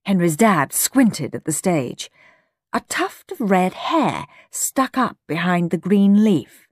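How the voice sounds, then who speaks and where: Husky, low-voiced woman reading a storybook slowly, with lively intonation. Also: dry recording, clean studio sound. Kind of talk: storybook read-aloud.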